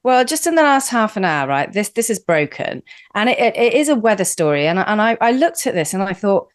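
A woman from the UK co-hosting a talk radio show, talking in a chatty, animated way. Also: mid-range voice, brisk, dry recording, clean studio sound. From United Kingdom. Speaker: radio co-host.

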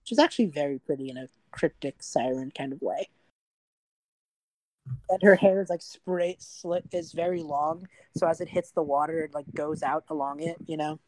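A woman's voice: deep voice, normal speed, darkish tone, no echo. Rambling young woman game master. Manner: casual, rambling, lots of fillers. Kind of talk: narrating a tabletop game.

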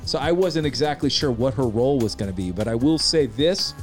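A talkative man chats through a film review in a relaxed way, agreeing easily with his co-host. His voice sits at an ordinary middle pitch for a man, and faint music plays underneath. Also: a little fast. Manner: chatty, agreeable, often says yeah. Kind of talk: casual chat.

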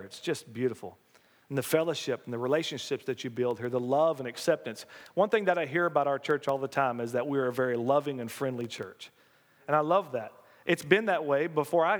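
Pastor preaching folksy in a hall. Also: male voice, medium pitch. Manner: folksy, animated preaching with call-and-response. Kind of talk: sermon. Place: church sanctuary.

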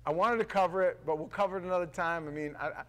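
A male pastor giving a loose, conversational sermon with a slightly high-pitched voice. He talks bluntly in street slang and trips over restarts. He drops to quiet asides, then builds to loud, emphatic stretches. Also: rapid-fire.

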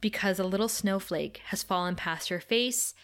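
A woman talking casually on a podcast, recapping a TV episode with lively energy. She reads the characters' lines aloud as she goes and breaks into laughs now and then. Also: mid-range voice, normal speed. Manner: animated, retells scenes by reading quotes aloud, laughs often. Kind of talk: casual chat, reading out scene dialogue.

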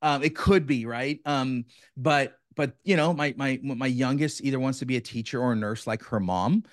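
A man in his thirties, a guest on a podcast and a coach, talking in an energetic, enthusiastic way and saying "bro" often. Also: medium pitch, normal speed, dry recording, studio quality. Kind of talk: casual chat.

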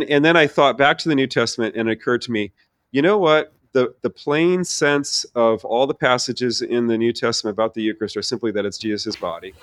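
A middle-aged man, a theology professor, telling his personal faith story in an earnest, animated way with many restarts. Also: mid-range voice, dry recording. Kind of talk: conversational personal testimony.

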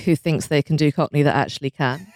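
A woman's voice: sits low, quick pace, a little mellow, dry recording. A woman co-hosting a casual podcast chat, making blunt, dry quips. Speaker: podcast host.

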